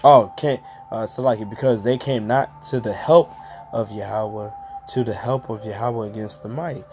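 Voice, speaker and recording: A street preacher teaches from scripture in a casual, slangy manner, drawing out words for emphasis, making frequent asides, and often stopping to ask whether listeners are following. His voice is lowish, steady, and darkish in tone. A little hiss or hum can be heard.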